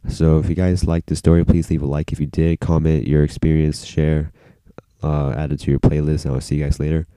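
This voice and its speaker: A man's voice: rumbling low, flat delivery, brisk, mellow, dry recording. A male vlogger telling a story in a casual, rambling way, full of "like" and freely dropped swear words.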